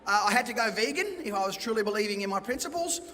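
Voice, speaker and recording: A man's voice: sits high, expressive, racing, pushed and bright, a little hiss or hum. A middle-aged Australian man speaking at an event, telling personal stories in a chatty, self-deprecating way. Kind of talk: personal storytelling talk. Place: event hall. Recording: long reverb of a hall.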